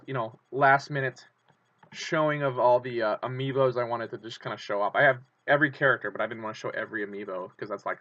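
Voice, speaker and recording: A man's voice: mid-range voice, a bit bright, muffled recording. A man hosting his own channel, rambling with enthusiasm in fan commentary full of fillers and restarts. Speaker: channel host.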